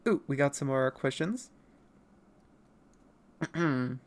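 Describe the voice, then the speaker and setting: Nearly four in the morning, an artist streamer draws while answering chat questions, rambling and laughing a lot. The voice is consciously held above its natural pitch, bright and forceful, with big swings in pitch.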